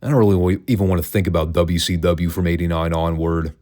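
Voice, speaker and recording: A man's voice: low voice, fairly even intonation, fast talker, darkish tone. A man hosting a solo podcast, talking in a wry, sarcastic, conversational way. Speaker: wrestling podcast host. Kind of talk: casual commentary, solo podcast.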